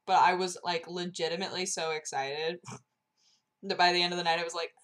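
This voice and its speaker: A woman's voice: fairly low pitch, level tone, fairly quick, a bit bright. Bubbly young woman with a sore throat. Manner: bubbly, gushing, heavy use of "like". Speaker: vlogger. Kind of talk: casual vlog chat.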